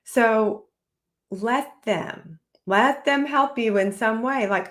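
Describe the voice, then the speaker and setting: A woman in her forties with a slightly higher voice talks on a solo podcast. She is lively and expressive, and she slips into playful voices when she quotes children. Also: slow pace. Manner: animated, acts out kids' voices. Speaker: podcast host. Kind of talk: solo podcast talk to parents.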